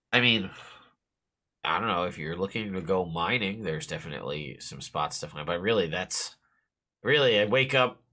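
A game master voicing a laid-back miner who talks in a hesitant, rambling way. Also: male voice, low-pitched, lively intonation, a little slow, long pauses, pushed and bright, voice pushed down, exaggerated voice. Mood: easygoing. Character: laid-back hard-working male miner who likes drinks. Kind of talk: tabletop game voice acting.

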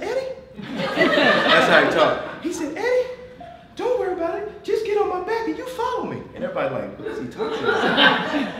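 A fairly high-voiced man gives a lively motivational talk to an audience, laughing often and calling on people. His voice jumps between shouts and near-whispers. He is recorded from across an echoing meeting room with faint room noise behind him. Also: distant mic. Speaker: motivational speaker.

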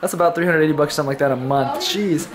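A man's voice: on the high side, rapid-fire. A man from Texas chatting playfully on a travel vlog, laughing and teasing friends. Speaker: vlogger. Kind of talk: casual travel vlog chat. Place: outdoors and indoors while traveling. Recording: loud background noise, handheld camera.

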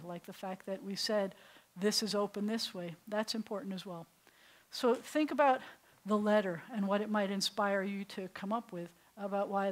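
A woman with an American accent, a rabbi teaching a beginner Hebrew class in an informal, storytelling way while pointing at letters on a board. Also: fairly high pitch.

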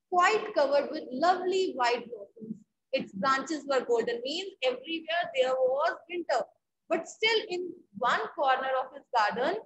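A woman's voice: sits high, slight background noise, rough recording. A woman with an Indian accent, an English teacher explaining a story line by line and asking the class questions.

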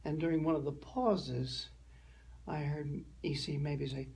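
An older woman from the American Midwest, a guest actress telling animated stories in a conversational interview. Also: low voice, measured pace, vocal fry, breathy edge. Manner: storytelling, animated.

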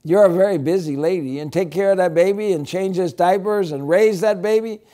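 A man's voice: high voice, fairly quick, mellow, natural voice. A man voicing Moses' sister, an eager, helpful young girl, in a children's Bible story.

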